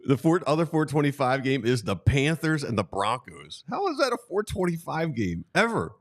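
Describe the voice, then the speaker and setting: A man's voice: mid-range voice, big pitch swings, normal speed. A man co-hosting casual sports talk, joking and teasing his partner.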